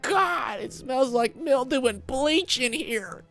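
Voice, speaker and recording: A man's voice: very high voice, expressive, a bit bright, soft background music, pitched above the performer's own voice, heavily acted. A man voicing a squeamish young boy who whines in disgust. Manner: squeamish, drawn-out whining.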